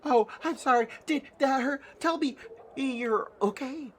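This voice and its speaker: A man's voice: high voice, animated, measured pace, slight background noise, voice pushed up. A man voicing a timid, sweet little woman who talks in a meek, pleading, apologetic way. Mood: flustered. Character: timid sweet tiny woman, gentle and anxious.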